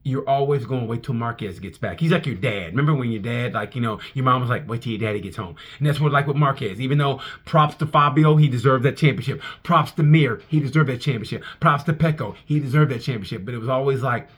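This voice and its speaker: A man, a comedian, reviewing a motorcycle race in a casual, animated monologue full of restarts and profanity. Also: medium pitch, fast talker, few pauses, breathy edge.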